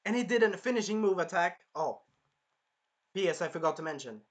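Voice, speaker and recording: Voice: mid-range voice, lively intonation, fairly quick, slightly rough. A person giving a casual, rambling spoken review of an anime episode, swearing freely and drifting off topic. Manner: rambling, profane, jumps into loud impressions of characters.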